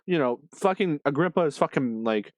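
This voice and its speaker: A man's voice: on the high side, normal speed, dry recording. A man ranting casually about a comic he read, swearing constantly and sounding exasperated. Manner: profane, animated, exasperated. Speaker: manga reviewer.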